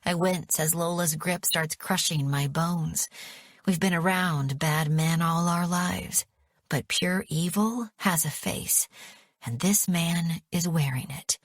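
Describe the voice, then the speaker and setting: A woman narrating an audiobook in the first person, measured and dramatic. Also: fairly low pitch, dry recording, studio quality.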